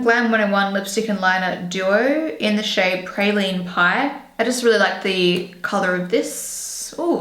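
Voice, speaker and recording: A young beauty vlogger from Australia does her makeup during a casual get-ready-with-me chat, rambling and correcting herself along the way. Her medium-pitched voice has a fairly bright tone, and the indoor room at home gives a roomy echo.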